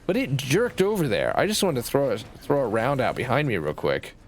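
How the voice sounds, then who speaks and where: Canadian man, nasal tone, mid-pitched, casual rambling game commentary with loose swearing, faint hiss behind. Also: huge pitch swings, normal speed. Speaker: game streamer.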